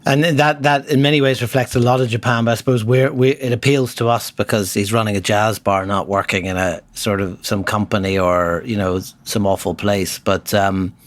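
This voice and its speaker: A man co-hosting a podcast, musing in casual chat and pausing often with fillers. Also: fairly low pitch, steady tone. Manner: thoughtful, hesitant with many fillers. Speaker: podcast co-host.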